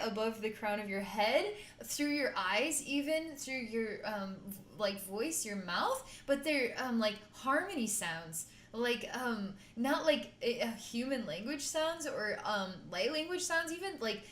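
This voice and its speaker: A woman's voice: a little high, fairly bright tone, reverberant. A woman working as a psychic healer, guiding a distance healing session in an effusive, giggly, rambling way.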